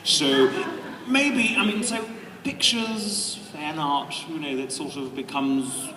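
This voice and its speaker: A man, a voice actor on a convention panel, telling a casual story to a live audience, animated and laughing often. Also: fairly high pitch, slow pace. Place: large convention hall. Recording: echoey hall, distant noisy mic.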